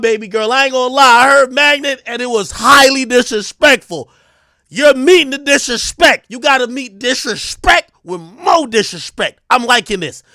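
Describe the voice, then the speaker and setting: A high-pitched man on a livestream talks to his chat in excitable, profane slang. His voice swings widely up and down as he repeats lines and gets worked up, and the sound is dry and close at a desk mic. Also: dry recording. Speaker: livestream host. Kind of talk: casual livestream reaction commentary.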